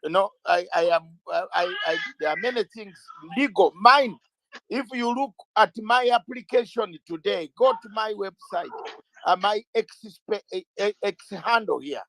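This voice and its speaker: A man's voice: high-pitched, lively intonation, normal speed, gravelly, a bit bright, poor audio. A man speaking as an interview guest, emphatic and fiery, hammering his points with repeated rhetorical questions and sometimes raising his voice. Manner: repeats words when starting out. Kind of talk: impassioned political talk.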